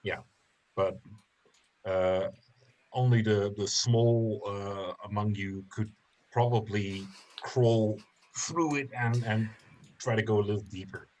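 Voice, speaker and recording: A man narrating as game master for a tabletop game, in slow narration broken by pauses and fillers. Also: fairly low pitch, fairly even intonation, a little mellow.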